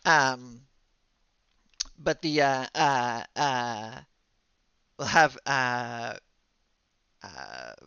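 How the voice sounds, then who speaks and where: A man running a tabletop game as game master, narrating in a halting way with many fillers and restarts. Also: mid-range voice, lively intonation, vocal fry, sharp tone, smooth, dry recording, highs cut off.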